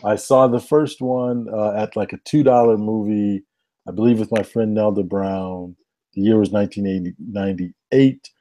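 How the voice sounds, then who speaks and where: Man with a low, mellow voice. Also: moderate pace. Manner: relaxed, enthusiastic movie recommendations. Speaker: podcast co-host. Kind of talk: casual chat.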